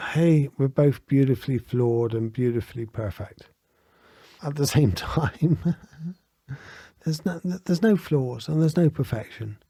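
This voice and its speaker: Mellow-voiced earnest male podcast host. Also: fairly high pitch, no echo. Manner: earnest, gentle and heartfelt, chuckles often. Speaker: podcast host and spiritual teacher. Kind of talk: reflective podcast monologue.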